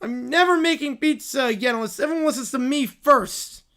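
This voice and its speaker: A man's voice: extremely high pitch, sharp tone, voice pushed up, exaggerated voice. A man doing a whiny, bossy little kid. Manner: whiny, complaining, drawn-out. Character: whiny, bossy young child making pizza. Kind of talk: reading an AI-written skit aloud.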